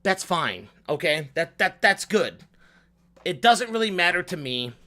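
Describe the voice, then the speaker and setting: At a measured pace, a male vlogger talks unscripted in a lilting, sing-song way with rising inflection. Profanity flows freely, words get repeated, and his volume shifts from loud ranting to low muttering.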